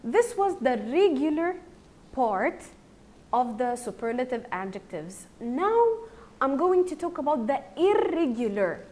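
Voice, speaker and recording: Egyptian woman, primary English teacher; slow, drilling delivery, lively rising and falling pitch. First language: Arabic. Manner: slow, repeats words for drilling. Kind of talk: recorded grammar lesson.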